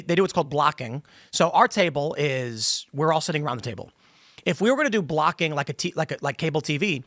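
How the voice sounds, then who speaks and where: A man hosting a panel podcast in a studio, talking with opinionated, rambling explanations. His voice sits a little high for a man. The sound is close and dry. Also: sharp tone, dry recording. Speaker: podcast host. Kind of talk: casual panel discussion. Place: studio table with other hosts.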